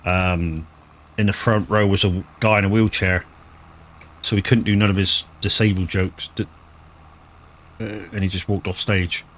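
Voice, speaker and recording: A man's voice: sits low, fairly even intonation, moderate pace, long pauses, a bit bright, a little hiss or hum. A man chatting casually on a live gaming stream, rambling, stumbling over words and swearing freely. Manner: rambling, swears freely, lots of restarts and stammers.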